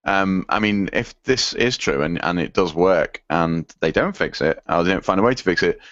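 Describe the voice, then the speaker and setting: A man's voice: sits low, animated, normal speed, fairly bright tone, dry recording. A man co-hosting a casual tech podcast, rambling and hesitant with lots of ums. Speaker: podcast co-host. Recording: dull, dry lo-fi sound.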